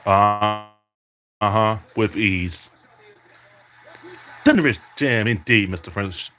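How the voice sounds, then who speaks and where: A man with a fairly low voice trash-talks his way through a basketball video game. He imitates an announcer's calls and taunts his opponent as he plays. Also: slow. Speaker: podcast host playing a basketball video game. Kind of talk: trash-talking play-by-play over gameplay.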